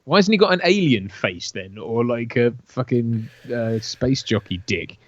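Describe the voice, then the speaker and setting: A man's voice: mid-range voice, animated, a little slow, no echo, highs cut off. A man co-hosting a movie watch-along from the UK, an actor and impressionist who laughs, swears, and drops into mock voices. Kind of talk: casual film commentary chat.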